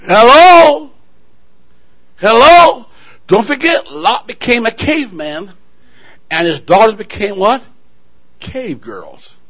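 A man's voice: high voice, big pitch swings, a little slow, fairly bright tone, slightly rough. A male pastor preaching a sermon, telling a story dramatically and calling out to the congregation. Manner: dramatic storytelling, call-and-response.

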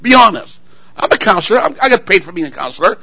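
A married man preaching a sermon, firing call-and-response questions at the congregation and swinging between loud exclamations and quiet asides. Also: sits high, sing-song, fast, no room sound, poor audio. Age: adult, married.

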